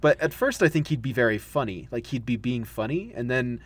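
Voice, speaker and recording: Laughing, animated American podcast co-host. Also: male voice, medium pitch, a little fast. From United States. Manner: animated, laughs often, acts out quoted voices. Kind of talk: casual chat.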